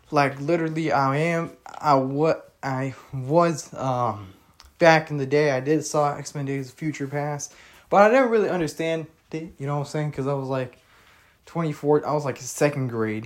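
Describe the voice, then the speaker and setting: A young man talks in an easygoing, unscripted way as the host of his own podcast. He circles back over the same points, stacks up fillers and restarts, and drops the odd curse while he states his opinions. His voice sits at an ordinary middle pitch. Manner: rambling, repetitive, with many fillers and restarts; opinionated, with frequent mild cursing. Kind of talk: casual solo podcast talk.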